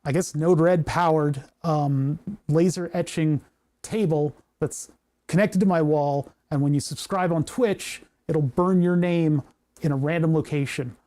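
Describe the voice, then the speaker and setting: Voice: mid-range voice, unhurried, warm tone. An electronics livestream host in a home workshop, chatting casually and rambling, with many fillers, restarts and casual swearing.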